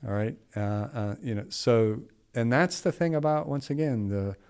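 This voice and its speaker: A middle-aged man co-hosting a podcast tells a story with casual rambling, false starts and folksy asides. His mid-range voice is darkish and clean, at a moderate pace.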